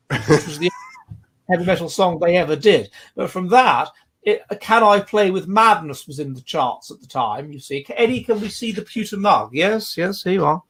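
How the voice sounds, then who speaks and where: Rambling man with a higher voice. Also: a bit bright, slightly rough. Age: 40s. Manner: rambling and digressive. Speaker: livestream host. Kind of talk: casual chat reading viewer comments.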